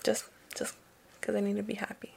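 A woman's voice: medium pitch, completely flat delivery, fairly quick, vocal fry, a little mellow, slightly rough. A woman co-hosting a podcast in casual chat, swearing freely and dropping Spanish phrases into her English. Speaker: podcast co-host.

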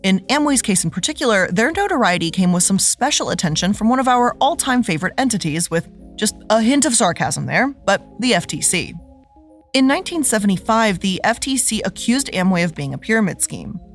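A woman host reads her scripted narration with plenty of sarcasm and lively emphasis. Her voice sits at a middle pitch for a woman. Light music plays faintly behind her. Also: a little fast.

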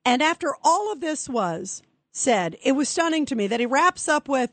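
A woman radio host with a slightly higher voice gives indignant, critical commentary between calls. She sits close to the mic in a dry studio, and her words land with no room around them. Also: lively intonation, moderate pace, fairly bright tone, dry recording. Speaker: radio talk show host. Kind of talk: call-in talk radio commentary.

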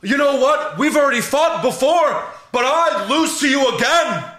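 A man putting on a high, shouty impression of a male wrestler for laughs. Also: expressive, normal speed, echoey room. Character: loud excitable male wrestler, mock impression.

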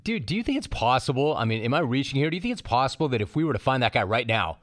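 A man's voice: mid-range voice, big pitch swings, racing. Blunt man casually hosting. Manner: blunt, swears casually, teasing questions. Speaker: podcast host. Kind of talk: casual chat.

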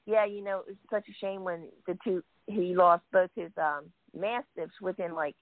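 A woman telling stories in a casual chat, quoting people as she goes and often clearing her throat. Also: lowish voice, fairly even intonation, normal speed, dry recording. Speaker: guest wrestling fan. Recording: tinny phone line, dry.

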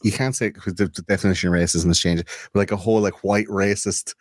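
A young man on a podcast, rambling and swearing as he hunts for the right word. His voice sits on the low side. The sound is close and dry, with no room around it. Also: fairly even intonation, quick pace, no echo. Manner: rambling, swears freely, searches for words. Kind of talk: casual chat.

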